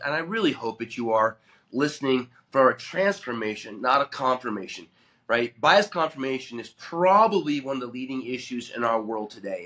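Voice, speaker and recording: A man's voice: mid-range voice, bright, forceful tone. A man hosting a motivational podcast monologue in a studio, with a nasal voice from a head cold, earnest and emphatic. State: has a head cold, coughing. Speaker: host.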